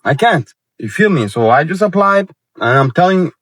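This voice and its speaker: A man's voice: a little high, big pitch swings, moderate pace, a bit bright, no room sound. A man in his late twenties ranting casually and heatedly to his viewers, with lots of swearing and slang. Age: 20s. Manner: heated, profane, slangy talk. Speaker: vlogger. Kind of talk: casual rant to camera.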